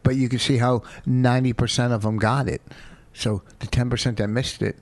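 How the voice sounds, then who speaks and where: A man's voice: mid-range voice, flat delivery, a little fast, no echo. A man, a comedian, bickering defensively in casual chat and swearing freely, on a close studio mic. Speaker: comedian, co-host.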